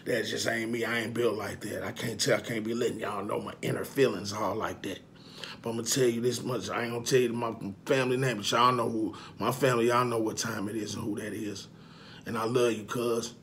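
A man vlogging to his followers in a casual monologue, emphatic and profane, repeating his points and swinging from quiet confessions to loud outbursts. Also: mid-range voice, steady tone, brisk, creaky, a little hiss or hum.

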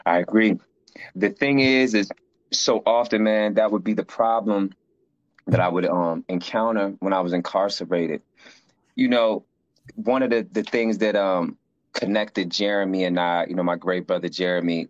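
A man telling stories in conversation as a guest, acting out the voices of the people he quotes. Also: no room sound. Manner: lively, acts out quoted voices higher. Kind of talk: conversational storytelling. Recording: dry, slightly dull lo-fi sound.

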